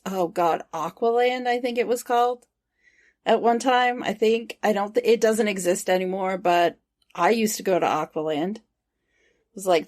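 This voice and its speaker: Woman co-host reading trivia notes. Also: mid-range voice. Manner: reads prepared trivia, then chats loosely. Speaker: podcast co-host. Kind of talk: reading notes and casual chat.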